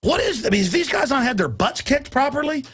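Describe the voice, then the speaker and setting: A man's voice: extremely high pitch, very animated, brisk, a bit bright, slightly rough, dry recording, studio quality. A middle-aged man hosting a talk show, ranting emphatically with frequent stammers and restarts. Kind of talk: heated talk-radio conversation.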